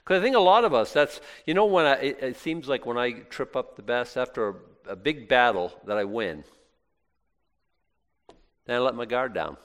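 A man's voice: medium pitch, lively intonation, normal speed. A male pastor preaching in a casual, conversational way, acting out little prayers and back-and-forth dialogue. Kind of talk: sermon. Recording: long hall reverb.

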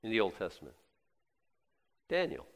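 Low-voiced preacher in a reverberant hall. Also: male voice, huge pitch swings, normal speed, gravelly. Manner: conversational, quizzes the audience, repeats words. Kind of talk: sermon.

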